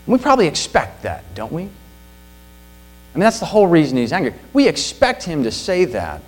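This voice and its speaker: Animated male pastor preaching. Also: fairly high pitch, fairly quick, husky, poor audio. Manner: earnest, emphatic preaching with rhetorical questions. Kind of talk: sermon.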